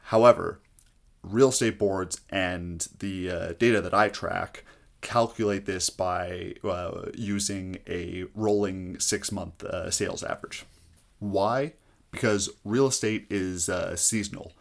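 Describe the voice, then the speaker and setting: A man with a somewhat low voice teaches housing market math to his viewers. He breaks it down step by step in a clear, explaining tone. He often pauses on "uh" as he goes. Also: fairly even intonation. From Canada. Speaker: real estate agent explaining market math. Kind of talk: explainer video to camera.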